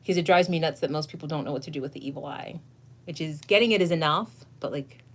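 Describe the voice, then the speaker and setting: Answering viewers on her casual tarot livestream, a woman speaks fast in a low voice. She's the tarot reader and host of the channel, gushing effusively, laughing a lot and swearing every so often.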